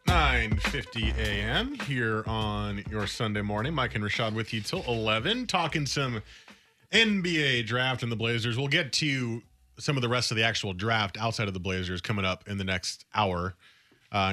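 A man's voice: fairly low pitch, lively intonation, moderate pace, pushed and bright. A man co-hosting a sports radio show, talking in a casual, emphatic and opinionated way.

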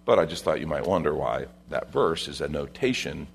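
A man's voice: a bass voice, lively intonation, a little fast, gravelly, a little hiss or hum. A male pastor preaching a sermon in a conversational way, with asides to the congregation.

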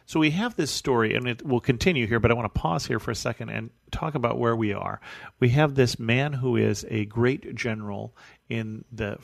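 A man reading a Bible passage aloud, then explaining it in a relaxed, conversational way as a study teacher. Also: mid-range voice, moderate pace, vocal fry, no echo, studio quality. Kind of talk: scripture reading and teaching commentary.

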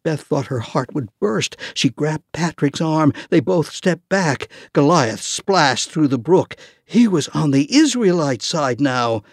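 Man reading a kids audiobook, slow, lively pitch, dry close sound. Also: dry recording. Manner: expressive, unhurried storytelling. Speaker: audiobook narrator.

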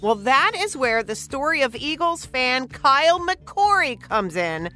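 A woman co-hosting a morning radio show, bubbly and quick to laugh. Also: sits high, sing-song, sharp tone, faint music behind. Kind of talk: playful morning radio banter.

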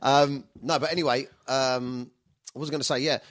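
A man, telling rough stories in casual chat, swearing often and laughing as he goes. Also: medium pitch, fairly even intonation, normal speed, fairly bright tone, no room sound, studio quality.

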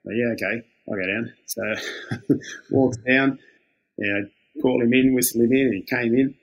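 A man's voice: mid-range voice, steady tone, moderate pace. An older Australian man, a former lifeguard, telling stories in a laid-back way, acting out the quoted exchanges and chuckling often. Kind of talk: casual storytelling.

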